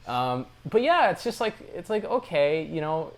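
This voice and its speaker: A man's voice: a little high, sing-song, normal speed. A man co-hosting a podcast, rambling casually with lots of fillers and a wry tone. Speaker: podcast co-host. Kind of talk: casual chat reviewing a TV series.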